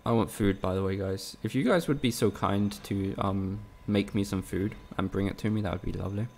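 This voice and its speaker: Gravelly low-voiced male game streamer. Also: fairly quick, darkish tone, a little hiss or hum. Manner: frustrated, swears often, casual banter with viewers. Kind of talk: live gameplay commentary.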